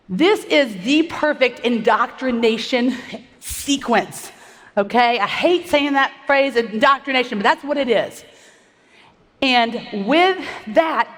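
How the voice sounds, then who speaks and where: A woman giving a fast, upbeat stage presentation, a little out of breath, rallying the audience with questions. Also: sits high, a bit bright. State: slightly out of breath. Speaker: conference speaker. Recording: long hall reverb.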